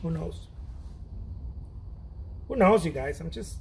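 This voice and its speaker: A man's voice: fairly high pitch, expressive, slow, a little hiss or hum. A middle-aged man painting and chatting casually, rambling, joking at his own expense and trailing off mid-thought. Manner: chatty, self-deprecating, laughs often, trails off and restarts. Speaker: painter streaming an art chat.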